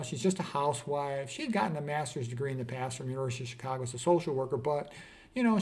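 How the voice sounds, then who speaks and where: A middle-aged psychiatrist telling a personal story, earnest and reflective. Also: male voice, medium pitch, a little mellow.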